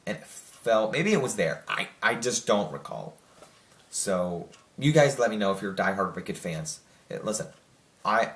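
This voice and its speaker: Low-voiced rambling young man, echoey room. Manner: rambling, full of fillers and restarts. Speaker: movie reviewer. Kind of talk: casual spoken review.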